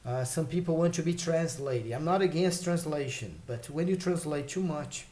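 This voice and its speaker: A man teaching English vocabulary in a relaxed, explanatory way, pausing with fillers and checking in with "okay?" and "right?". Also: a little high. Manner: explains slowly with many fillers and check questions. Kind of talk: casual spoken lesson.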